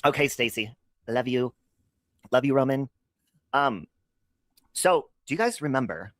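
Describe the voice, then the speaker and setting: Male stream host, gossipy and profane, lively pitch, dry close sound. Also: unhurried, no room sound. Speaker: livestream host. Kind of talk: casual livestream chat.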